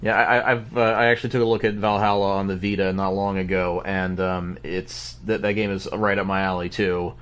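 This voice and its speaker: A man telling a story on a podcast in an animated way, with lots of stammering restarts. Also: low voice, a little fast, hardly any pauses, smooth. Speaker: podcast guest. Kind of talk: casual podcast chat.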